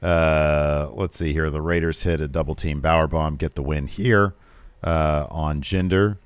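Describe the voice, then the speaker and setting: A man with a low voice co-hosts a casual wrestling podcast, walking through matches play by play. He keeps slipping into animated impressions of the wrestlers he quotes. The sound is dry and close, with no room around it. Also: a little slow, clean tone, dry recording. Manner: animated, mimics quoted wrestlers with pitch jumps. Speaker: podcast co-host.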